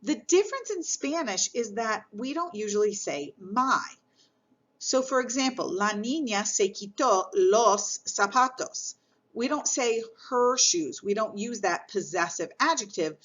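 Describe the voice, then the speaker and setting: A woman's voice: fairly high pitch, lively intonation, moderate pace, a bit bright, lo-fi sound. A woman teaching a Spanish grammar lesson, explaining patiently step by step.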